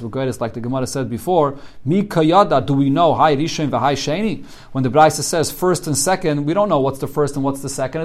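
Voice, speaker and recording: A man teaching a Talmud class in English with Yeshivish terms, translating the Aramaic text line by line and explaining it as he goes. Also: on the high side. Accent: English with Yeshivish Hebrew and Aramaic terms. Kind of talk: daily Talmud study class.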